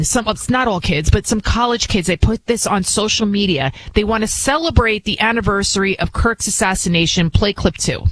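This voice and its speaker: A woman's voice: medium pitch, a bit bright, low-quality recording. A woman hosting a commentary show who talks in an indignant, scornful way, often restarting her sentences. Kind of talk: opinionated commentary, playing clips.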